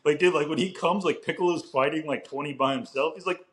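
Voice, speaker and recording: A man's voice: a little high, fast, fairly bright tone. A young man co-hosting a podcast in casual chat, rambling with lots of filler words and casual swearing. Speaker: podcast co-host.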